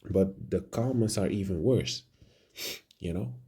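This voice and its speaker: A man giving halting preaching commentary, repeating words and ending phrases with "man". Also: low-pitched, warm tone, breathy edge. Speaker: religious commentator.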